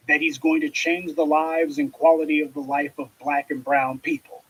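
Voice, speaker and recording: Husky man giving a scornful commentary. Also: on the high side, steady tone, moderate pace, hardly any pauses, poor audio. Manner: forceful, scornful, lecturing. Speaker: political commentator. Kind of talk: commentary monologue.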